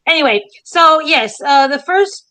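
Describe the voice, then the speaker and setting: A woman's voice: high-pitched, lively intonation, a little slow, bright, forceful tone, no room sound, poor audio. A woman from Spain, a historian co-hosting a casual podcast chat in a dramatic, theatrical way. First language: Spanish. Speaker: historian co-host.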